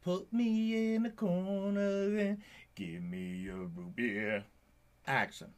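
A laid-back man hosting his own casual review vlog, rambling to the camera with plenty of fillers. His voice sits a little high for a man. He takes his time and drawls through each thought. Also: takes it slowly. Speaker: YouTube channel host.

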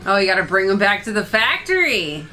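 A woman's voice: medium pitch, big pitch swings, fairly quick, bright, forceful tone, faint music behind. A woman co-hosting a movie reaction, exclaiming, laughing and swearing as she watches. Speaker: co-host of a movie reaction channel. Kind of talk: excited movie reaction commentary. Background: film soundtrack playing.

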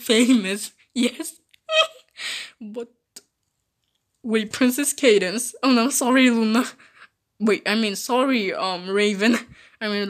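A woman's voice: medium pitch, fairly bright tone. A woman playing through a mobile game while voicing bickering cartoon characters, often giggling. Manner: giggly, bickering, slow-spoken. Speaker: game video maker voicing her characters. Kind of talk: playful role-play over gameplay.

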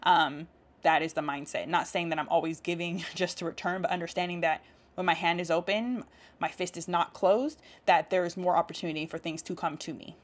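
A woman's voice: fairly low pitch, fairly even intonation, a little fast. A woman talking casually to camera, reading out affirmations and explaining them with an encouraging, laughing manner. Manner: warm encouraging, laughs often, speaks affirmations aloud. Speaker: self-help vlogger.

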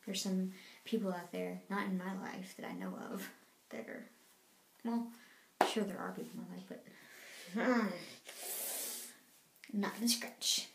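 A woman chatting casually and rambling in a late-night vlog from a dark room at home, laughing now and then. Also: medium pitch, steady tone, measured pace, creaky, pauses often. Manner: laid-back, rambling, laughs often. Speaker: vlogger. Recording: roomy home room, faint noise.

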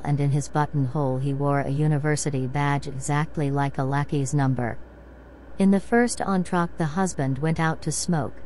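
Female narrator, deep voice, calm sleep-story read, faint hiss behind. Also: rough recording. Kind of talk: bedtime story reading.

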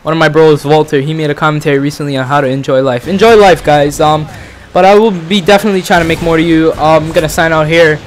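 Young man from the Bronx, slightly high voice, loose profane rambling storytelling. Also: steady tone, fast talker, hardly any pauses, slight background noise. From the Bronx, New York. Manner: rambling, profane, heavy with fillers and restarts. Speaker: vlogger, channel host. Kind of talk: casual storytelling commentary.

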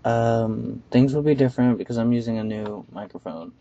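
A man's voice: mid-range voice, normal speed, mellow. Man on a muffled webcam mic. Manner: playful, chants repeated words while playing. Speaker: gameplay commentator. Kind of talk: casual let's-play commentary. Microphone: webcam microphone.

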